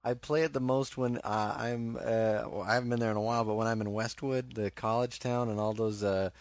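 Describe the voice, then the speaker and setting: A man's voice: mid-range voice, fairly even intonation, fairly quick, no echo. A man co-hosting a casual podcast chat, making wry, grumbling jokes. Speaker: podcast co-host.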